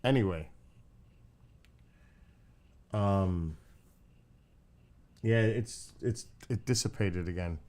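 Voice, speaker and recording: A man's voice: deep voice, drawn-out words, pauses often, darkish tone. A man chatting casually on a live stream, laid-back and rambling, swearing now and then and talking to his dog between comments. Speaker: skywatching livestreamer.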